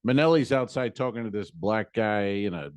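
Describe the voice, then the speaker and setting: Male podcast co-host, animated rambling storyteller, dry close sound. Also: fairly low pitch, brisk, no room sound. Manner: rambling, animated, quotes people in voices. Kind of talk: casual storytelling.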